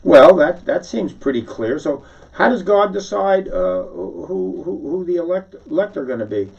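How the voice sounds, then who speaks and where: A New York City man, a satirical monologuist, performs a sarcastic, needling one-sided mock phone call, rambling and restarting often. His voice sits high with big pitch swings, a moderate pace, and a gravelly, slightly mellow, husky quality. The lo-fi recording sounds dull and distant.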